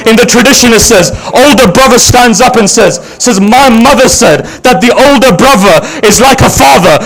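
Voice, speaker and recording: A man's voice: extremely high pitch, moderate pace. A man delivering an emotional religious sermon, telling a story dramatically with rhetorical questions to his audience. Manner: dramatic storytelling, voice swinging from loud to hushed. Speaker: Shia religious speaker. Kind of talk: emotional majlis sermon narration.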